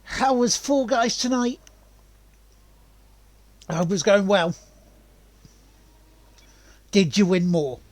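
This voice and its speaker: A man's voice: high-pitched, lively intonation, slow, pauses often, dry recording. A man streaming a racing game in casual, rambling chat, often laughing and greeting viewers. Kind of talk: casual gaming livestream chat.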